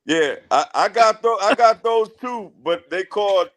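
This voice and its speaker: Guest dad, lively swooping voice, emphatic and profane. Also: male voice, high-pitched, measured pace, over a noisy crowd. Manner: emphatic, swearing, laughing. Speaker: boxer's father, guest. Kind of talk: casual interview chat.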